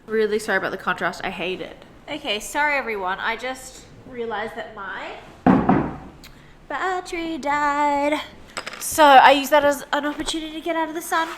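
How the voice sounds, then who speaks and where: With a high voice and moderate pace, a young woman illustrator talks casually to viewers while drawing, her rambling speech full of "like." The vlogger sits at her home desk by a sunny window, and there's background noise.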